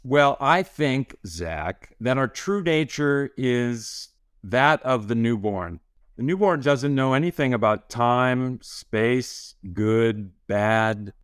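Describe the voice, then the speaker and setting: Man, podcast guest, calm measured explaining, close dry recording. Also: mid-range voice, clear, resonant tone, no room sound. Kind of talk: conversational interview.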